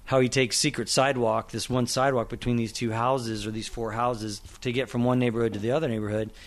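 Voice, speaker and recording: Middle-aged male screenwriter guest, from Oklahoma, animated and anecdotal, mid-pitched. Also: a little fast. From Oklahoma, USA. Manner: animated storyteller, acts out quotes, laughs often. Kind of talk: casual interview chat.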